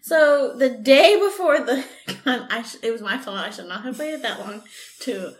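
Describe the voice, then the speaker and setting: A young woman co-hosting a casual chat, excitable and swearing as she rushes through her stories. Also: a little high. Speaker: podcast co-host.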